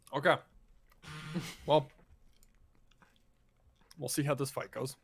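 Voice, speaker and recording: A man's voice: medium pitch, steady tone, very slow, vocal fry, a bit bright, slight background noise. A man running a tabletop game as game master, explaining with hesitant fillers and laughing easily.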